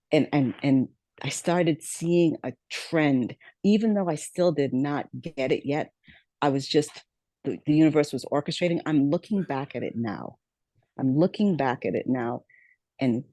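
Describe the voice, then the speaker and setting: Woman guest with a mellow, warm voice, dry sound; reflective storyteller who repeats phrases. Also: very deep voice, dry recording. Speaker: podcast guest. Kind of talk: storytelling interview.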